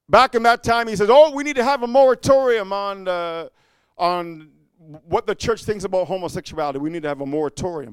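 A man preaching a fiery sermon, repeating "amen" and swinging from low muttering to shouting. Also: clean tone, dry recording. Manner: repetitive call-and-response, frequent "amen".

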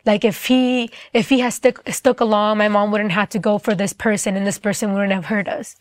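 A woman's voice: medium pitch, steady tone, moderate pace, no echo, clean studio sound. A young woman giving a personal faith testimony, talking earnestly with frequent fillers. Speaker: testimony speaker.

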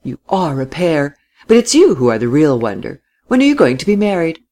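A man voicing a lively young widow who speaks in high, distinct, teasing tones. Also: a little fast.

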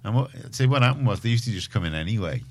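A man's voice: fairly low pitch, expressive, very fast. A man with a Liverpool accent presenting a community radio show, chatting casually in a rambling, self-mocking way. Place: radio studio.

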